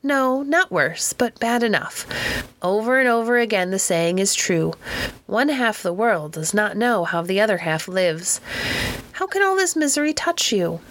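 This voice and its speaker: A woman voicing a kindly, earnest mother in an audiobook, speaking slowly and gravely. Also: mid-range voice, animated, fairly bright tone. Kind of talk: audiobook character reading.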